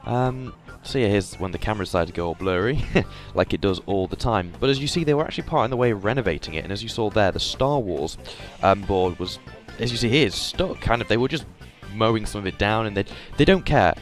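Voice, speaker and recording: A man's voice: fairly low pitch, expressive, a little fast, hardly any pauses, faint music behind. A young man from England with an English accent, narrating his trip photos in a chatty, hesitant voice-over full of fillers. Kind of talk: casual voice-over commentary.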